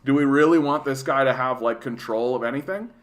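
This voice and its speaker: A man's voice: mid-range voice, brisk. Canadian man in his late 30s hosting a profane political rant, casual and heated, mid-range voice. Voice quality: profane, animated, lots of fillers. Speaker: political livestream host.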